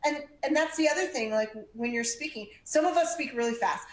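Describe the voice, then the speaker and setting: Upbeat woman giving a speaking workshop, kinda high voice, echoey room, big pauses. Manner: energetic and emphatic, varies volume and pace, uses pauses. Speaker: public speaking coach. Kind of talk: presentation to a live audience.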